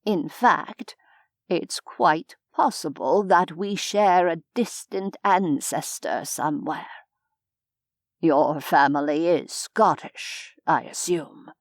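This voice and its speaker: Woman narrator doing courteous formal gentleman, slow measured lecturing, slightly lowered voice, dry sound. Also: dry recording. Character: genteel, courteous older gentleman scholar. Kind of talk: audiobook character voice.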